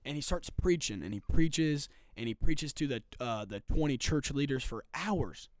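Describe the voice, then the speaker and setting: A man's voice: medium pitch, animated, moderate pace, dry recording. A man co-hosting a casual faith podcast, telling a story emphatically with repetition and swings in intensity.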